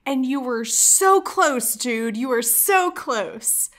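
Bright, animated woman podcast host. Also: high-pitched, slow pace. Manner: animated, emphatic, reads quotes aloud with feeling. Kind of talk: casual chat, book discussion.

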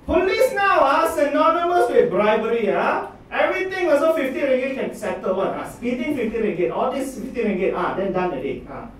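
A young Malaysian comedian performs stand-up with a lively voice that jumps all around. He sounds roomy and a little distant, as if from the back of a live comedy club. A laughing audience and some room noise sit behind him. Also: high-pitched. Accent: Malaysian English. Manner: animated storytelling.

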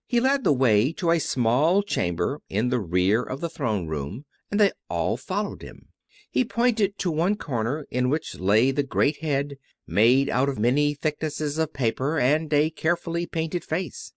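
A man narrating a children's audiobook in an expressive, animated reading. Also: medium pitch, a little slow, no room sound, studio quality.

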